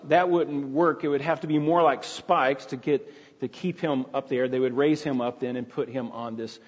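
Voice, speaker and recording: Husky male preacher in an echoey hall. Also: fairly high pitch, highs cut off. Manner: retelling in plain storytelling tone with frequent restarts. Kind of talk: sermon.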